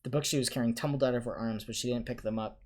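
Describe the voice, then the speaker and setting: A man's voice: medium pitch, very fast. A man doing a comedic read-aloud of a novel, stumbling and correcting himself as he goes. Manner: stumbling over words, lively. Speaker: comedian reading a book aloud.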